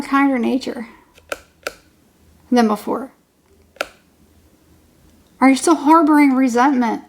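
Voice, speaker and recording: High-pitched woman, tarot reader, chatty rambling monologue with frequent laughs. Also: a little mellow. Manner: chatty, rambling, repeats herself, laughs often. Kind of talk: casual tarot reading monologue.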